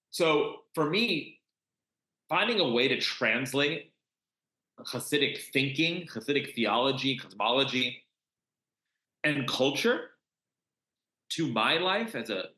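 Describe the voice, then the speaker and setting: A man being interviewed as a congregation organiser, talking passionately with frequent restarts and swings in pitch. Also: pushed and bright. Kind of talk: conversational podcast interview. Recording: roomy echo.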